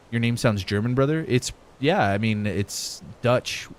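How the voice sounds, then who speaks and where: A young man streams a game and chats loosely with viewers, reading their messages, swearing casually and laughing often. His medium-pitched voice swings widely in pitch, moving at a moderate pace with few pauses.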